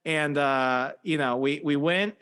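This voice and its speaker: A man's voice: on the high side, slow, a bit bright, clean tone. A man hosting a casual podcast chat, telling stories in a rambling way with lots of fillers and restarts. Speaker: podcast host.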